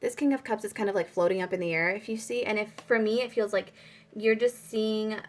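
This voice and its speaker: This tarot reader is a young woman whose medium-pitched voice stays steady and brisk. Her casual spiritual reading drifts around, full of fillers, and she interrupts herself to pray aloud.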